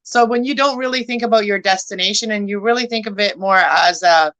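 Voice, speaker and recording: A young woman chats with her viewers in a loose, rambling way while she cleans at night, sometimes drifting off the mic. Her voice is bright and forward, and she talks in a middle pitch. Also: a little fast, no echo, low-quality recording. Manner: rambling, talks to viewers by name, laughs often. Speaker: vlogger chatting with live viewers. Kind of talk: casual chat while cleaning. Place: home room at night.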